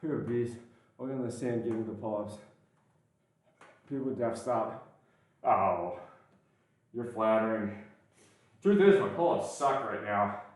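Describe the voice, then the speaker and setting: A man vlogging his workout, counting reps out loud, grunting and swearing between sets in a casual, bantering way. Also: fairly low pitch, expressive, measured pace, pauses often. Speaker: fitness vlogger. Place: gym. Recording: very echoey, from far off the mic.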